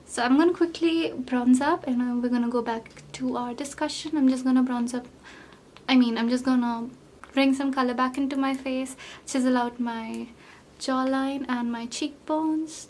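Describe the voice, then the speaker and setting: A young woman with a somewhat high voice, chatting her way through a get-ready-with-me makeup routine. She rambles, piles on fillers and pokes fun at herself. Faint noise sits behind her. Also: steady tone, moderate pace, darkish tone. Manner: rambling, filler-heavy, self-deprecating. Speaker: beauty vlogger.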